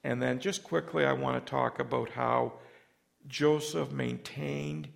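Gravelly man preaching a sermon. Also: medium pitch, steady tone, measured pace. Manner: gravelly, earnest storytelling with emotional swells. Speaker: pastor.

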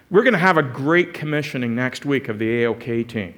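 Guy pastor giving a sermon, earnest storytelling, gets animated and pushy toward the end. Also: mid-range voice, brisk, hardly any pauses. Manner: animated, rising to emphatic exhortation.

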